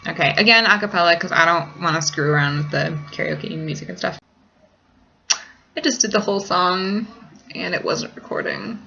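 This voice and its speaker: Bright-voiced rambling young-sounding woman vlogger. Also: fairly low pitch, dull audio, a little hiss or hum. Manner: rambling, heavy use of "like". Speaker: vlogger answering viewer questions. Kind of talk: casual chat. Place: small apartment kitchen.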